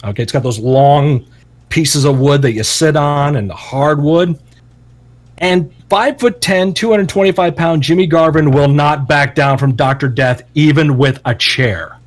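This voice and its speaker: A man co-hosting a podcast, telling a long story in a casual, profane and animated way. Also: on the high side, measured pace. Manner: animated, profane, acts out quotes loudly. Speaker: podcast co-host.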